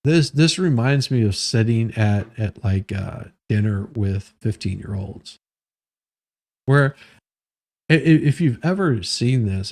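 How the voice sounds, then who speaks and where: Male host, gravelly voice, rambling jokey news commentary. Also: on the low side, a little mellow. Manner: rambling, joking, self-interrupting.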